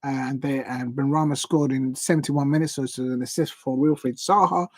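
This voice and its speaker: A man's voice: medium pitch, fairly even intonation, fairly quick, no room sound. A man hosting a live football watch-along stream, recapping the day's results in a chatty, rambling way and stumbling over player and club names.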